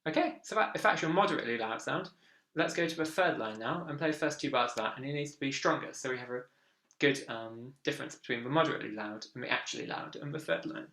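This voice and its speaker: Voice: medium pitch, quick pace, a bit bright. A viola teacher giving an online lesson, encouraging and counting beats aloud. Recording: echoey room with viola playing.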